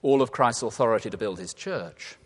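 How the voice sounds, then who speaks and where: A man from England preaching a sermon, lively and humorous, then dropping to quiet, earnest tones. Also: on the low side, a little fast, slightly rough. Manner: animated, playful asides and laughter, drops to quiet earnest tones. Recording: long reverb of a large hall.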